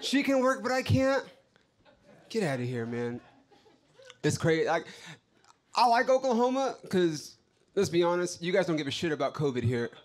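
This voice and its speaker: A man's voice: fairly high pitch, big pitch swings, moderate pace, pauses often. A man doing a brash, profane stand-up set on a club stage, ranting to the crowd. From Los Angeles. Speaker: stand-up comedian.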